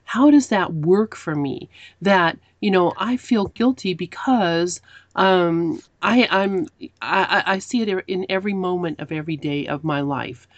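A woman's voice: lowish voice, unhurried, dry recording. A woman in a casual spiritual discussion, earnestly pressing for concrete examples and reflecting on daily life.

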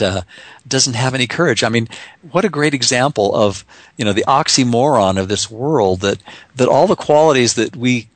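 Halting, reflective man in dry sound. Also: mid-range voice, no echo. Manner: halting, many restarts and repeated words. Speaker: author guest. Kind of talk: casual reflective conversation.

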